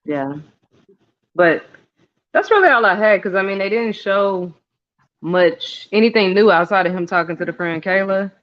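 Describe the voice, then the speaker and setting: A man with a high, smooth, resonant voice talks through a TV recap at an easy, thoughtful pace. He hedges often and pauses on "um" before giving his view. The audio is slightly dull and lo-fi. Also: animated. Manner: thoughtful and hedging, many "um"s and "I don't know"s. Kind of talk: casual recap chat.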